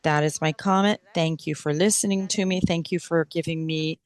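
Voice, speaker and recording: A woman interpreting public comments at a council meeting into English, speaking in a slow, measured, deliberate way. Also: low voice, steady tone, no echo.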